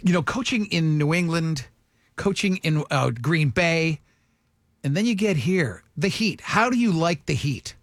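A man's voice: fairly high pitch, animated, a little slow, no room sound, clean studio sound. A man hosting a radio show, chatting casually with a guest and firing off jokey asides.

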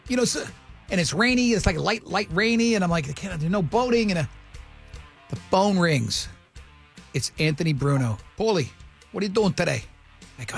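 Man, radio host, high voice, rambling, self-mocking, light music under him. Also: animated, normal speed, gravelly, long pauses, husky. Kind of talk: casual morning radio storytelling.

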